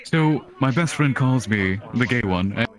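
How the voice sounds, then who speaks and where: Over online voice chat, a young man tells a long, profane story in animated casual talk, acting out the quotes. His voice is medium-pitched and a little slow, with crowd noise in the background.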